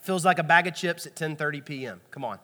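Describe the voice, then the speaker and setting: A pastor preaches a sermon in a church auditorium, his voice a little high, quick, and sharp in tone. He talks to the congregation conversationally and asks them for responses, and the recording carries long hall reverb.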